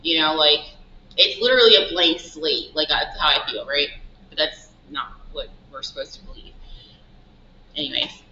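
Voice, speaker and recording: Bright-voiced woman telling a story. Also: deep voice, moderate pace, slight background noise. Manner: animated, acts out dialogue in quoted asides. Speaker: shop owner guest. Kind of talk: casual storytelling interview. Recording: roomy, dull lo-fi sound.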